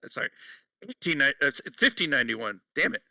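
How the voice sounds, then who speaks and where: A man's voice: medium pitch, very animated, normal speed, gravelly, no room sound. Casual podcast co-host, male, swears and laughs a lot, dry mic sounding a bit distant. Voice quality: bright, laughing, profane. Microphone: headset.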